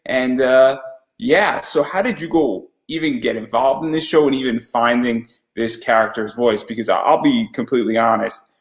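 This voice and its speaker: A man hosting an interview, asking questions in a relaxed, candid, conversational way. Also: medium pitch, moderate pace, reverberant. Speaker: interviewer host. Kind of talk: casual interview chat.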